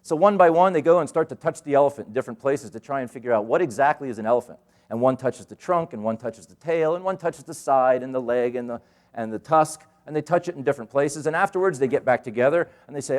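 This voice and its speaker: Keynote speaker, middle-aged man, animated storyteller, mid-pitched. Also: fast talker. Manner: animated, acts out quoted voices. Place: conference hall stage.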